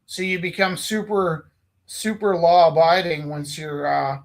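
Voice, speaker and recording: A man from Canada telling a story in casual chat, animated, acting out the quotes loudly. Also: a little high, a little slow, creaky. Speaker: host.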